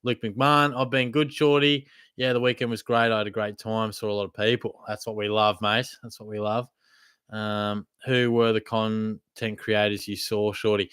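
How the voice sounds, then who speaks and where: A man's voice: fairly low pitch, flat delivery, moderate pace, a bit bright, clean tone, dry recording, clean studio sound. A man with an Australian accent hosting a livestream, reading out chat questions and answering in laid-back banter. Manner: chatty, laid-back banter with swearing and laughs. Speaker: livestream host.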